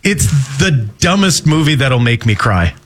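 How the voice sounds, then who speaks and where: A man's voice: mid-range voice, big pitch swings, unhurried, a bit bright, faint music behind. A man co-hosting a radio show, chatting with enthusiasm and easy laughter. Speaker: radio co-host. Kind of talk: casual radio banter.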